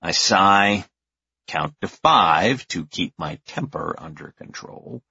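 A man reads a first-person story in a low, husky voice, with a wry, exasperated manner. His delivery is lively, rising and falling widely. The recording is dry and a little dull. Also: slow pace, no room sound. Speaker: narrator. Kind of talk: first-person audiobook narration.

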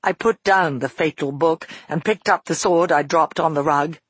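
A man voicing a father who tells his daughter a frightening past event in a measured, earnest first-person telling. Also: on the high side, fairly bright tone, husky, dry recording. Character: grown father recounting a frightening past, shaken. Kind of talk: audiobook narration.

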